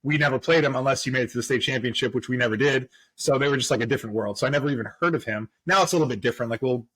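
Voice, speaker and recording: Laid-back guy hosting a podcast, kinda husky, easygoing questions. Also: medium pitch, racing. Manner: relaxed interviewer, easygoing questions. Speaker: podcast host. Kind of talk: casual interview chat.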